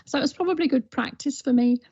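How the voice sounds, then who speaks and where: A woman in her sixties with an English accent, a guest talking in a measured, modest and reflective way in a relaxed interview. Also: sits high, vocal fry, breathy edge, lo-fi sound. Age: 60s.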